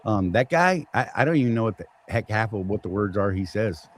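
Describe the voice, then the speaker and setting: A man's voice: on the low side, animated, a little fast, a little hiss or hum, poor audio. A man with a Southern accent hosting a casual live chat, rambling and teasing with jokes. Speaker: show host.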